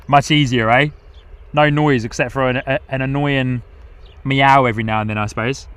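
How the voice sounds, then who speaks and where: A man hosts a live plane-spotting stream from outdoors at an airport. His voice sits at an ordinary middle pitch. He chats loosely and reads out viewer comments, laughing often between remarks. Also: steady tone, a little slow, fairly bright tone, clean tone.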